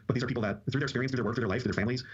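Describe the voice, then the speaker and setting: Man, husky, very fast, impassioned, lowish voice, muffled lo-fi audio. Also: fairly even intonation. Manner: impassioned, speechifying. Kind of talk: casual political chat. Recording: dull lo-fi podcast audio.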